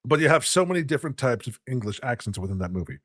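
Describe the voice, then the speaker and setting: Animated chatty man with a dry close mic. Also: mid-range voice, fast, dry recording. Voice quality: smoker's voice. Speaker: guest. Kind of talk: casual podcast chat.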